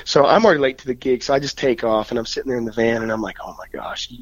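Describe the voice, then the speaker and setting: A relaxed man tells a rambling story in a casual chat, laughing easily and putting on the voices of the people in it. The sound is a little muffled and dry, with no room around it. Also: medium pitch, very fast, no echo. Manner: laid-back, laughs often, acts out dialogue. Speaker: touring musician, songwriter.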